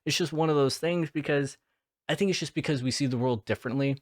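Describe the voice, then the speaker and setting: A man's voice: a little high, quick pace, dry recording, clean studio sound. Rambling, swearing young man recapping a movie. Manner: profane, rambling, goes off on tangents; filler-heavy, lots of "like".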